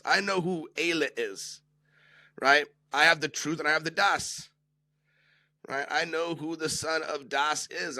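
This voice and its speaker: A man's voice: medium pitch, sharp tone, dry recording. A man teaching a Torah lesson, who keeps asking "right?" to check that listeners follow and acts out the speakers he quotes.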